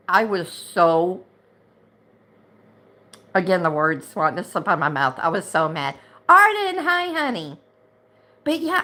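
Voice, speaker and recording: Middle-aged woman, unhurried drawl, indignant and repetitive, casual livestream chat. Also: medium pitch, sharp tone. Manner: chatty, heated and indignant, repeats herself. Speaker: livestream host and chat moderator.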